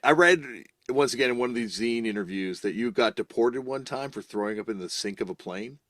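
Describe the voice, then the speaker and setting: Male podcast host, relaxed, conversational interviewer. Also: medium pitch, a little fast. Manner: relaxed, asks follow-up questions. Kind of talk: casual interview chat.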